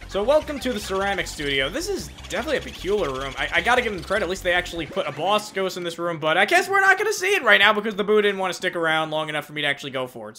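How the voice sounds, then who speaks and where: A young man rambling excitably and self-deprecatingly through his commentary on a game. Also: on the high side, a little hiss or hum. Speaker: let's play host. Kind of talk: casual gameplay commentary.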